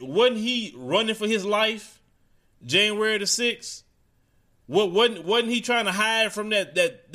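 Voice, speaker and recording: A man's voice: fairly high pitch, bright, forceful tone. A man delivering a heated opinion monologue straight to his audience, preachy and casual, mocking the people he quotes. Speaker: commentator.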